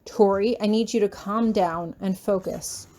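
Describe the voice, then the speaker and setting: A woman voicing a calm, stern male professor. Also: medium pitch, unhurried, natural voice. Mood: calm, firm.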